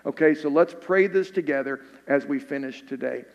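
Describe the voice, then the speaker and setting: A man's voice: normal speed, vocal fry, lo-fi sound. Man preaching in a reverberant hall. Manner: earnest preaching, drops soft and low in prayer. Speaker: pastor. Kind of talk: sermon.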